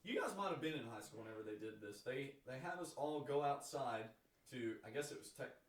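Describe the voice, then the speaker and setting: A young man co-hosting a podcast, telling a high school story in a relaxed, rambling way. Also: brisk, reverberant, distant mic. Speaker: podcast co-host. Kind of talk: casual storytelling.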